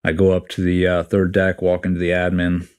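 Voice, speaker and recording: A man's voice: low-pitched, brisk, smooth. A man in his forties, a podcast guest, telling his story bluntly and casually, swearing freely and acting out what others said. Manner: blunt, profane, animated retelling with quoted dialogue. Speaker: podcast guest, retiring Navy SEAL chief.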